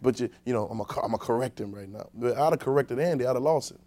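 A male preacher giving a conversational sermon, talking directly to his congregation and swinging between quiet, low asides and loud emphasis. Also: fast.

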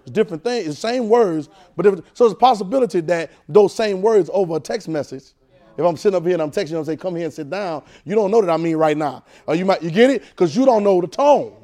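Preacher guy w/ aave teaching bible class, kinda high voice, keeps asking y'all got it. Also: expressive, quick pace, dark tone. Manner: call-and-response, repeats phrases, asks the room questions.

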